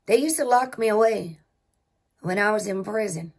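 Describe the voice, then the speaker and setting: A woman hosting a spiritual healing livestream, talking slowly and reflectively with her viewers. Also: medium pitch. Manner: slow, reflective, talks to chat and to herself. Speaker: spiritual healing channel host.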